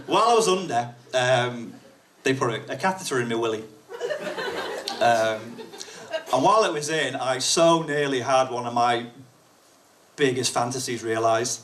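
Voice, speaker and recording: A man's voice: mid-range voice, moderate pace, long pauses, fairly bright tone. Man doing stand-up in a noisy venue. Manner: storytelling with acted asides, swearing. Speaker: amateur stand-up comedian. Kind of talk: stand-up comedy set. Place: packed comedy night venue.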